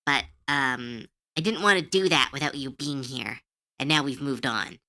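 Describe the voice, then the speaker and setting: A woman's voice: rumbling low, moderate pace, pushed and bright. A woman streamer in casual livestream chat, giggly, chatty and self-deprecating.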